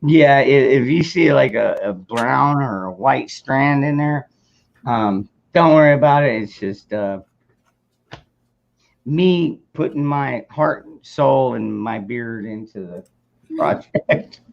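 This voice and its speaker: A man's voice: medium pitch, lively intonation, takes it slowly, gravelly, lo-fi sound. A man hosting a casual livestream chat, laid-back and profane, laughing often while he works on a craft project. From United States. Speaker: host.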